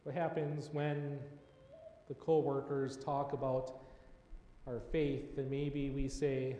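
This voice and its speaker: A man preaching a sermon, telling the story slowly with earnest, quiet dramatic pauses. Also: medium pitch, little pitch movement, reverberant, long reverb tail, dull audio. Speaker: pastor.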